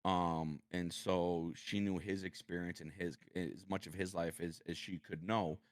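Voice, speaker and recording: A man, a podcast guest, talking about his past in halting sentences and often repeating his words. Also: low-pitched, level tone, no room sound, studio quality. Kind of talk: personal interview conversation.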